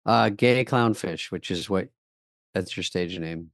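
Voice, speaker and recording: A man's voice: low-pitched, measured pace, vocal fry, no room sound, clean studio sound. A man co-hosting a casual comedy podcast, cracking profane jokes as he reacts to clips. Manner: wisecracking, profane, laughs easily. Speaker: podcast co-host.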